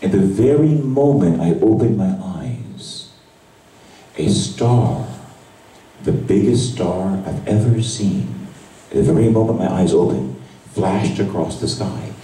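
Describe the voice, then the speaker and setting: A man, a priest, giving an emotional sermon that drops to a hush and rises to cries. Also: deep voice, animated, takes it slowly. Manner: emotional testimony, voice swinging from hushed to cries. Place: large church at a retreat Mass. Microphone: far camera recording. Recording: echoey church from far off.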